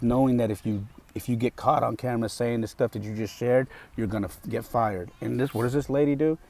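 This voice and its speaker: An American podcast host talks alone, impassioned and outspoken. His voice is mid-range with a darkish tone.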